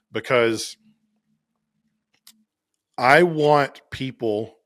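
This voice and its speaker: A man shares his thoughts on a faith podcast in an unhurried, reflective way. He takes his time over each phrase, and his voice sits at a middling pitch. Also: a bit bright. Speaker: podcast co-host. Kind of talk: casual faith discussion.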